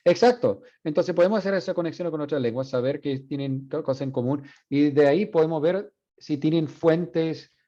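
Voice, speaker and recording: A male Spanish professor giving an animated university lecture, repeating example words aloud to demonstrate. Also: on the high side, fast, hardly any pauses. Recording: dull lo-fi classroom recording.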